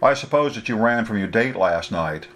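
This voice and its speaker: A man's voice: lowish voice, animated, moderate pace, fairly bright tone. A man reading a story, voicing a guarded, dry-humored young man driving a stranger. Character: young man, wary reluctant driver.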